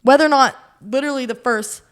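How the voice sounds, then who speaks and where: Earnest, rambling young woman, slightly high. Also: fast talker. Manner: earnest, rambling, heavy use of "like"; quotes her own thoughts aloud, laughs often. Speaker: podcast co-host. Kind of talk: casual faith chat, personal testimony.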